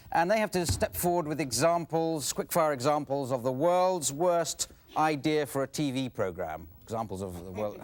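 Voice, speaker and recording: Hesitant British man hosting a game show. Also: a little high. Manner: hesitant, full of uh's, dry and breezy. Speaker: host. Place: TV studio with a live audience. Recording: studio audience and background noise.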